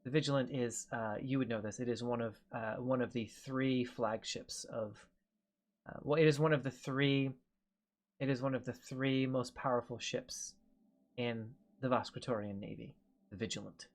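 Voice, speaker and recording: Sex: man. Figure: man putting on a proud naval captain. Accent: put-on French. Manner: formal, halting. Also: medium pitch, fairly even intonation, natural voice. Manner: formal, halting, with many fillers.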